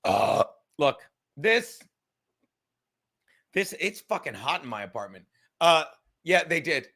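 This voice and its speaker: A man's voice: a little high, very animated, takes it slowly, vocal fry, pushed and bright. A young man, a comedian and show host, ranting casually and profanely from his apartment, rambling and mocking himself. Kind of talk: casual livestream rant.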